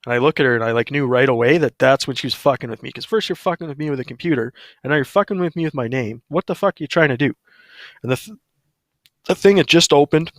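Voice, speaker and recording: A man's voice: mid-range voice, fast, no room sound, studio quality. A man telling a story on a livestream, profane, blunt and ranting.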